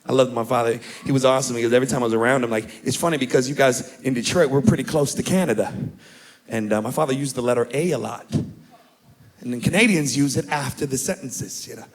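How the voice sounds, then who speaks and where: A young man doing a stand-up comedy set on a club stage, talking animatedly and shouting out impressions of his family. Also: medium pitch, quick pace. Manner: animated, shouts and mimics family members in punchlines.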